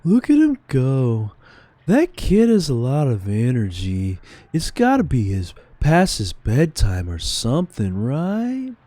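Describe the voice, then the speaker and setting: Guy reading lines as a laid-back ferry captain, slow, mellow, dry sound. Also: mid-range voice, huge pitch swings, no echo, voice pushed up, full character voice. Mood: friendly. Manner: slow, unhurried reading of dialogue. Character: easygoing male ferry captain chatting with passengers. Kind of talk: reading game dialogue aloud.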